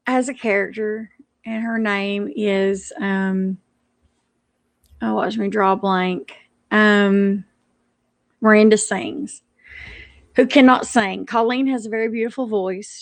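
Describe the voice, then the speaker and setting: A woman's voice: mid-range voice, steady tone, a little slow, dry recording. A woman ranting on a live stream, indignant and stumbling over her words as she restarts sentences.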